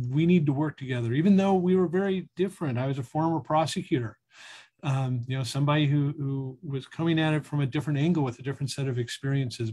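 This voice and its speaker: A man who was once a prosecutor giving a sincere, halting tribute to a colleague over a video call. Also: on the high side, darkish tone. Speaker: former prosecutor. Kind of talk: heartfelt tribute speech.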